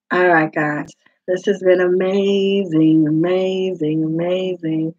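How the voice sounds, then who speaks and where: A woman's voice: fairly low pitch, steady tone, takes it slowly, darkish tone, dry recording. A woman life coach speaking to her group in a live talk, emphatic and repeating her phrases for weight. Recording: dull lo-fi sound.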